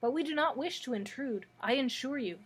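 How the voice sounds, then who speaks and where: A woman reading the part of a kindly, earnest old male wizard in a storybook read-aloud, speaking gently and politely. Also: high-pitched, expressive, breathy edge, pitched above the performer's own voice. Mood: courteous. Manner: gentle, courteous, measured.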